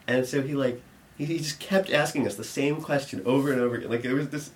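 A man's voice: mid-range voice, fast talker. A young man telling a long funny story, rambling with many restarts and laughing at his own lines. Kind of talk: live storytelling.

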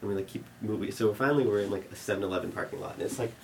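A man's voice: on the low side, racing, gravelly, slight background noise. A young man telling a long funny story, rambling with many restarts and laughing at his own lines. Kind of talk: live storytelling.

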